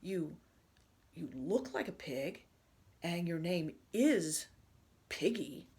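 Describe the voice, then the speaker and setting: Storybook role: woman doing a jittery elephant, loud, wide pitch swings, fretful. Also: animated, slow pace, slightly rough, heavily acted. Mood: puzzled. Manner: loud worried exclaiming. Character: anxious elephant, fretful and earnest.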